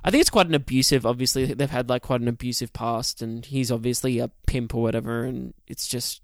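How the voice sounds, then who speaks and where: A man's voice: mid-range voice, brisk, no room sound. Laid-back man, podcast co-host, resonant voice, dry sound. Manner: laid-back, hesitant, swears casually. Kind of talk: casual film discussion.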